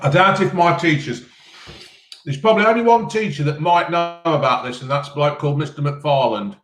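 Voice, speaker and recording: A man's voice: fairly high pitch, brisk, fairly bright tone. A man chatting casually on a live stream, eating and answering chat questions in a rambling way full of ums. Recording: roomy echo.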